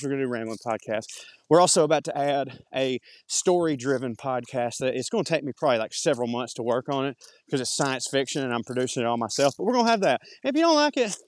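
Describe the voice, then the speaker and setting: A man's voice: medium pitch, dry recording. A man with a thick Southern US accent, rambling in a chatty, self-deprecating way as a podcast host while walking outdoors in the woods. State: slightly out of breath walking uphill. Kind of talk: rambling monologue.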